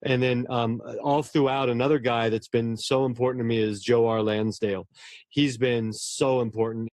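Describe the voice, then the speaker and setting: A man's voice: mid-range voice, steady tone, normal speed, darkish tone, dry recording, studio quality. A man, a horror novelist, talking earnestly and at length in a casual interview, often restarting his words.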